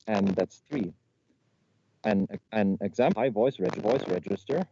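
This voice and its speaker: Man improvising a comedy talk over a muffled video call line; halting delivery with constant restarts, mellow tone. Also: on the low side, animated. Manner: halting, repeats words, stumbles and restarts. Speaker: improv presenter. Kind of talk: improvised comedy slide presentation. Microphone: video call microphone. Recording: muffled lo-fi call audio with faint noise.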